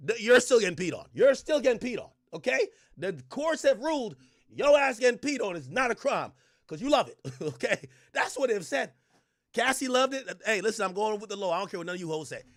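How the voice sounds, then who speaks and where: Loud high-voiced man ranting on stream. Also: sing-song, a little fast, no echo, clean studio sound. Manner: loud, joking, profane rant. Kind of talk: live reaction commentary.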